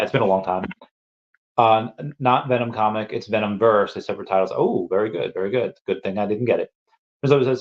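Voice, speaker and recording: A lowish male voice drifts through a casual livestream chat, rambling from thought to thought and stumbling over repeated words. The audio sounds dull and lo-fi, as if streamed through a modest setup. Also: fairly quick. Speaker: livestream host answering chat.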